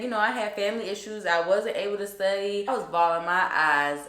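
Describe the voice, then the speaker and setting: A woman's voice: mid-range voice, a little fast, a bit bright. A young woman telling a personal story in a chatty, emphatic vlog style, full of fillers. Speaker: vlogger. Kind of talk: casual storytime. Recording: roomy echo.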